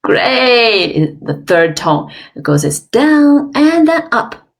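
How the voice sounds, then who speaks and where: Slow, lively woman teaching pronunciation. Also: fairly high pitch, creaky. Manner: slow, careful, exaggerated tone demonstrations; encouraging, frequent praise. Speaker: Chinese language teacher. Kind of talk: online language lesson, modeling pronunciation. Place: online webinar.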